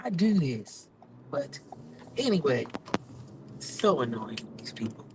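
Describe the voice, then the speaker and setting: A woman podcaster and rideshare driver venting in a casual live vlog from her car, swinging from low mutters to loud exclamations. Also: sing-song, slow pace, background noise. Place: in a car on city streets.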